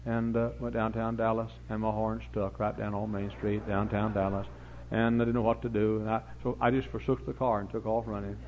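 A middle-aged man, preaching a folksy sermon full of rambling anecdotes and sudden loud emphatic bursts. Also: on the low side, little pitch movement, a little fast. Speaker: pastor. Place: church service before a congregation. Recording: dull lo-fi recording with faint hum.

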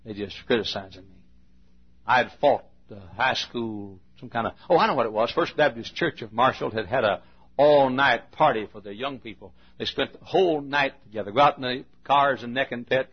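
Older preacher, husky and folksy. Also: male voice, medium pitch, fairly quick. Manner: folksy storytelling, swings from hushed to loud bursts. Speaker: pastor. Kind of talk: sermon. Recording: dull, lo-fi archival sermon recording.

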